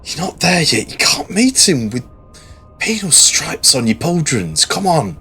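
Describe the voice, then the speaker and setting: A man's voice: big pitch swings, unhurried, sharp tone, a little hiss or hum, exaggerated voice. A man doing an anguished battle-worn corporal. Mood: pleading. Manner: pleading, voice climbing high with distress. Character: battle-worn male corporal, anguished over dying comrade.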